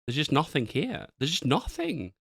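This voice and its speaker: A man's voice: on the high side, huge pitch swings, normal speed, creaky, fairly bright tone, husky, dry recording, studio quality. A man who reacts to a travel video and thinks aloud, asking himself questions as he goes. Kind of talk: casual commentary over a video.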